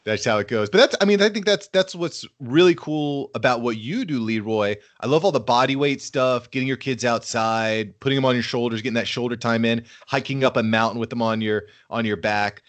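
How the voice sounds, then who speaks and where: A man's voice: medium pitch, brisk, hardly any pauses. A man in his thirties, a podcast guest, talking casually and enthusiastically. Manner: upbeat and enthusiastic. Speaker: podcast guest, fatherhood brand founder. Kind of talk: casual interview conversation.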